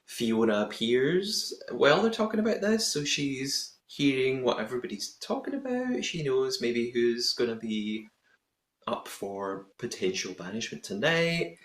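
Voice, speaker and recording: A man hosting a podcast, recapping a reality show in a chatty, giggly, animated way. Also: mid-range voice, a little slow. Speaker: podcast host. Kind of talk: casual recap chat. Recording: roomy echo.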